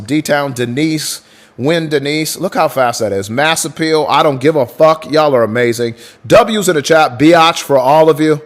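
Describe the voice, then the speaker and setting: A man hosting a livestream in casual chat, swearing freely and hyping up viewers as he thanks them by name. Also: on the high side. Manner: breaks into crooning song lines. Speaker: livestream host.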